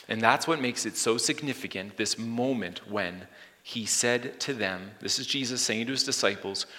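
Guy preaching, bright crisp voice, big echo hall, goes loud then whispery. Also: on the low side. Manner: dynamic, swings from loud exclamations to hushed whispers. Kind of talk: sermon. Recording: long hall reverb.

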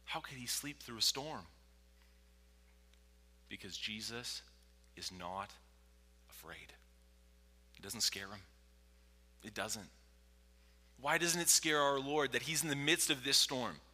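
A male pastor giving a sermon, swinging from loud, forceful lines to hushed whispers, recorded in a church. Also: medium pitch, moderate pace. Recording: long reverb from a large hall.

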